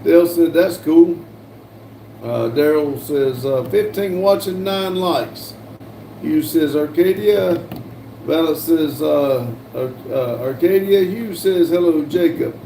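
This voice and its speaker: Older man, livestream host reading chat; mellow voice, echoey room. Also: fairly high pitch, takes it slowly, vocal fry. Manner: reads chat aloud with frequent fillers and restarts. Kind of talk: casual live-stream chat. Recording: echoey room, voice from a distance, faint hum.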